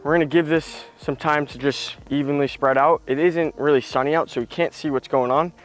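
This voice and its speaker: Excitable young man vlogging outdoors. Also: on the high side, a little fast, faint music behind. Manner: excitable, slangy, talks straight to viewers. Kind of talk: casual outdoor vlog narration. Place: backyard outdoors.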